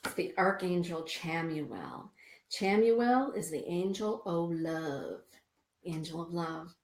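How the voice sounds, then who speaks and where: A woman's voice: fairly low pitch, animated, slow, echoey room. Chatty woman reading oracle cards. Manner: warm, chatty, reads cards aloud to listeners. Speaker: radio show host and card reader. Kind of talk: spiritual radio show, oracle card readings.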